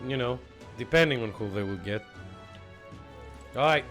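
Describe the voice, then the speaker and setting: A man, not a native English speaker, chatting excitedly and laughing through live gameplay commentary. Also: medium pitch, normal speed, soft background music. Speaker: streamer.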